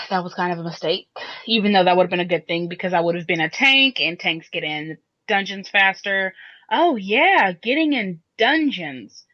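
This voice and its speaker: Speaking at a normal speed in an animated, mid-range voice, a woman co-hosting a casual podcast rambles through long explanations with many restarts. It's a dull lo-fi podcast recording.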